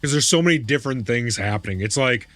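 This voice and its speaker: A man's voice: mid-range voice, animated, fast, fairly bright tone, dry recording, faint music behind. A young adult man streaming a game, chatting casually and laughing, often repeating himself. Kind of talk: casual live-stream chat.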